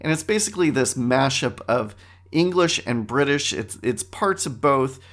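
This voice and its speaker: A man's voice: mid-range voice, expressive, moderate pace, a bit bright. A middle-aged man hosting a casual, rambling monologue, talking conversationally and often correcting himself. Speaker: host.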